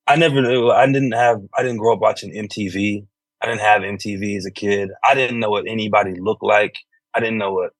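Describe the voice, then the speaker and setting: A man's voice: fairly low pitch, no echo. Man, musician guest, casual rambling talk, "you know" fillers, dry studio sound. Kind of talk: conversational interview.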